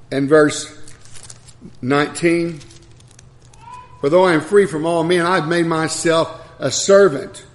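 An older man preaching a sermon, reading scripture and telling folksy stories about his life and his late wife, in a gravelly voice. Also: a little high.

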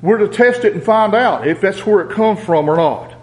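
A man preaching a sermon, reading scripture aloud in a deliberate, emphatic way. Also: high-pitched, lively intonation, poor audio.

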